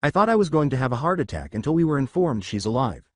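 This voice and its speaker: Casual: guy reading as a frog dad, worried and super protective, earnest, lively pitch, dry sound. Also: fast, dry recording.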